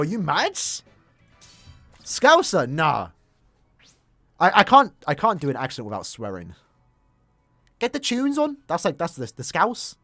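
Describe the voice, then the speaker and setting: A young man chatting casually on a live game stream, talking in quick bursts and laughing easily. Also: a little high, a bit bright.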